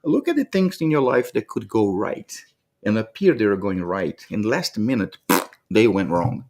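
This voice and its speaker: A man with a somewhat low voice shares reflective motivational thoughts in a vlog. He talks earnestly and from the heart, often circling back and repeating words as he searches for what to say. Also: sing-song, moderate pace, a little mellow. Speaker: motivational vlogger.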